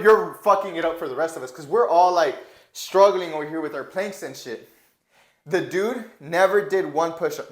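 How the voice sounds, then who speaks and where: Young man, raised voice, casual profane storyteller, filler-heavy, echoey room. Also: on the high side. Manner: rambling, profane, many "like" fillers, acts out quotes loudly. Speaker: army recruit telling a story.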